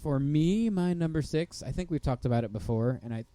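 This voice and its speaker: A man's voice: fairly high pitch, lively intonation, fairly quick, mellow. A man co-hosting a podcast, chatting casually in an easygoing, agreeable way. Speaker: podcast co-host. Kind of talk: casual chat.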